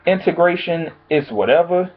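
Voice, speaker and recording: A man's voice: on the high side, expressive, normal speed. Exasperated man ranting, tinny audio. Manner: blunt, profane, exasperated ranting. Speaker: vlogger. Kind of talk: casual opinion commentary.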